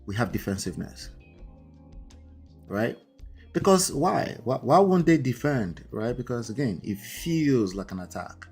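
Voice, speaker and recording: A man's voice: medium pitch, lively intonation, a little slow, darkish tone, breathy edge, faint music behind. A man with an accent, hosting a live marriage-coaching stream in a conversational way, often checking in with "right?" and "okay?". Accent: non-native English accent. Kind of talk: livestream talk.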